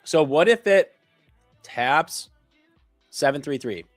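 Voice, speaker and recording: A man co-hosting a live trading stream, excitable and slangy, joking with the others. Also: fairly high pitch, slow, no echo, soft background music. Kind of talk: casual trading chat.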